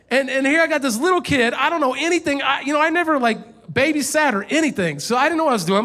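A man in his thirties, a pastor preaching a sermon and telling a personal story with animated storytelling. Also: fast talker, few pauses. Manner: storytelling, animated, rising in pitch when telling of frustration.

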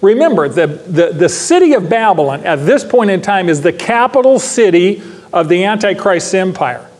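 High-voiced pastor teaching scripture. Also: male voice, sing-song, normal speed, a little mellow. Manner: emphatic, repeats key phrases, asks the audience questions. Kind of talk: expository Bible teaching sermon.

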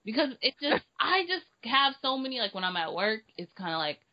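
A woman's voice: on the high side, big pitch swings, brisk, few pauses, dull audio. A woman co-hosting a casual chat, playful and teasing, laughing often. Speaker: podcast co-host.

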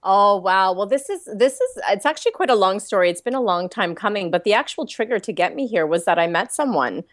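A woman from Toronto with a Canadian accent, a life coach chatting as an interview guest, talkative and warm with frequent laughs and fillers. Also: medium pitch, very animated, a little fast, dry recording, studio quality. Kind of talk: casual interview chat.

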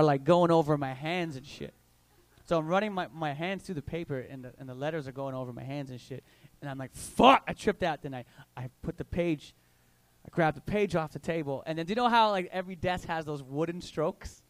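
On a club stage, a young man performs stand-up, animatedly telling crude, slang-heavy stories. His pitch is fairly high and the recording is dry.

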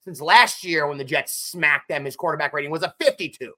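A man co-hosting a casual sports podcast, talking fast and emphatic as he runs through game stats. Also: a little high, pushed and bright. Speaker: podcast co-host.

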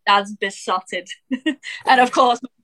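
A woman's voice: medium pitch, takes it slowly, sharp tone, low-quality recording. Chatty, giggly woman footballer guest. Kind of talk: casual interview chat.

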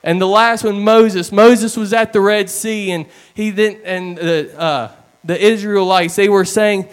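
A man's voice: high-pitched, steady tone, measured pace, hardly any pauses, smooth. A man preaching a sermon, retelling stories in an earnest, storytelling way.

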